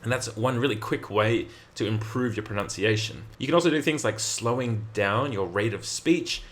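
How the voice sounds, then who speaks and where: A young adult man, giving energetic, emphatic communication advice straight to camera. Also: fairly low pitch, moderate pace. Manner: energetic, emphatic, plays out example phrases. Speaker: communication coach. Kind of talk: direct-to-camera advice talk.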